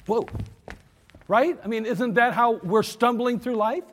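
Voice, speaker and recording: A man's voice: extremely high pitch, a little slow, slight background noise. A man preaching a sermon with storytelling and acting out the voices of the people in his stories. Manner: animated storyteller, acts out voices. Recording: long hall reverb.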